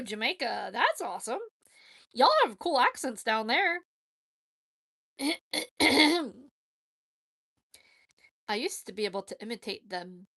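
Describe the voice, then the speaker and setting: A woman's voice: a little high, vocal fry, a bit bright, no room sound, clean studio sound. A woman chatting casually on a live stream, answering viewer questions in a blunt, opinionated way and often correcting herself mid-sentence. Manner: frank, with frequent fillers and self-corrections.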